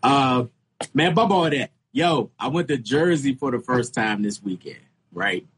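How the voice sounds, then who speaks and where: A man co-hosting a comedy podcast, telling casual stories in an animated way, jumping into high exclamations. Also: measured pace, a little hiss or hum. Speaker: podcast co-host.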